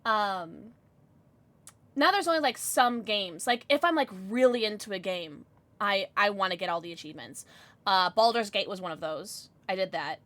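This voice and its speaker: A young woman streaming live, chatting casually with her viewers and squealing with excitement as she reads chat. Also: medium pitch, normal speed, no room sound. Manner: chatty, bubbly, squeals when reading chat.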